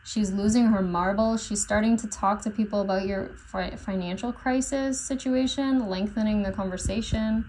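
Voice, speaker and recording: A woman's voice: mid-range voice, fairly even intonation, normal speed, hardly any pauses, a little mellow, slight background noise, poor audio. A woman tarot reader talking in a casual, rambling way, full of fillers and unsure asides as she channels messages. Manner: rambling, unsure, many fillers and self-corrections.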